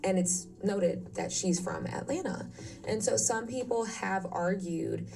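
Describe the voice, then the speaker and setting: A woman narrates a scripted video essay in a measured, explanatory way. Her tone is mellow and dark. She sounds distant, as though the audio is being played back through a stream. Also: mid-range voice, vocal fry.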